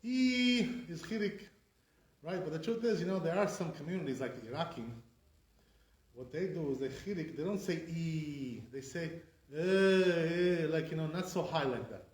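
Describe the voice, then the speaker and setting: A man's voice: a little high, lively intonation, moderate pace, darkish tone. A man, a rabbi, teaching an informal class to students, explaining step by step, checking in with listeners and saying sounds aloud to demonstrate them. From Sephardi community. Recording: echoey room.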